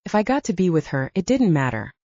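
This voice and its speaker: Woman narrating an audiobook, low and mellow. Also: quick pace, no room sound. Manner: first-person, steady reading. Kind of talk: scripted narration. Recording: dry, dull lo-fi sound.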